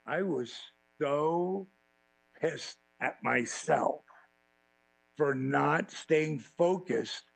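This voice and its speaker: A man as a podcast guest telling profane, animated stories and acting out quotes. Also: on the high side, extremely slow, vocal fry, no room sound, low-quality recording. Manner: animated, swearing freely, acts out quotes. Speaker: podcast guest, former wrestling champion. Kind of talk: profane storytelling in a podcast interview.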